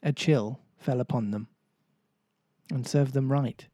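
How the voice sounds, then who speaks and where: Guy reading a kids storybook out loud, playful, dead dry room. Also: mid-range voice, takes it slowly, no echo. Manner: playful, jokes and laughs with listeners. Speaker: storybook reader. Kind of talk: storybook narration read aloud.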